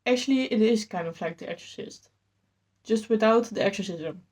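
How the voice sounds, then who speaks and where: A woman chatting casually about books she has read, enthusiastic and a bit rambling, slightly out of breath. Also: normal speed. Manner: enthusiastic and rambling, with lively jumps in pitch. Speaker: book vlogger. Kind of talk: casual chat.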